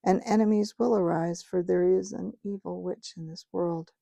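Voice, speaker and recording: A woman's voice: fairly low pitch, steady tone, vocal fry, warm tone, no room sound. Aslan, a solemn lion king, read by a woman. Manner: grave, measured, commanding. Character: majestic male lion king, solemn and kind.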